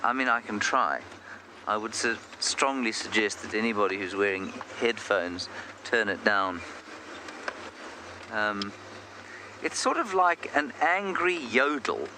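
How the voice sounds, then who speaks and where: A man's voice: lowish voice, unhurried, pauses often. A man working as a safari guide, giving chatty, self-deprecating commentary on a live game drive from an open vehicle outdoors. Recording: outdoor noise from a moving vehicle.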